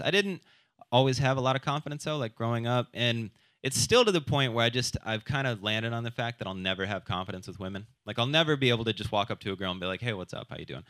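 A man's voice: medium pitch, pushed and bright, no echo. A man doing a stand-up comedy set, crude and self-deprecating, who keeps jumping into quoted voices. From South Dakota.

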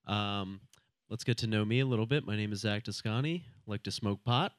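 A man's voice: on the low side, fairly quick, dry recording, clean studio sound. A young man performing a stand-up comedy set on a club stage, laid-back and rambling, talking with the crowd between jokes.

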